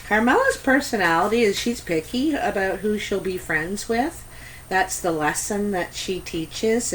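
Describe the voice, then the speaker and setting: A woman's voice: medium pitch, a little hiss or hum, low-quality recording. A Canadian woman giving a casual tarot reading to camera, chatty and meandering, with many ums and asides. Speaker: tarot reader.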